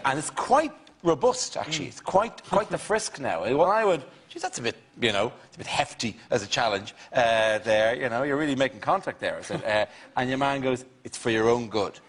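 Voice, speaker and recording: A man's voice: mid-range voice, very animated, brisk, fairly bright tone, slightly rough. A man hosting a comedy panel show, telling rambling anecdotes with quoted dialogue. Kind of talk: comic panel banter. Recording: studio audience and noise behind.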